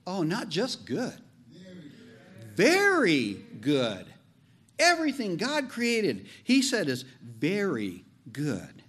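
A man preaching a sermon as pastor, animated and joking, leaning on slow emphatic phrases. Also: high-pitched, slightly rough.

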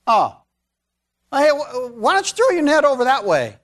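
A man's voice: extremely high pitch, wildly swooping pitch, moderate pace, fairly bright tone, pitched above the performer's own voice, exaggerated voice. A preacher voicing a friendly, casual man calling out to fishermen in a chummy, folksy way.

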